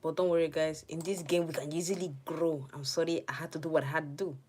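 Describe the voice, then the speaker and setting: A woman giving live gameplay commentary as a channel host, excitable, squealing at the game and dropping to hushed, muttered asides. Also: sits low, fast talker, husky. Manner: excitable, squealing and talking to the game's players.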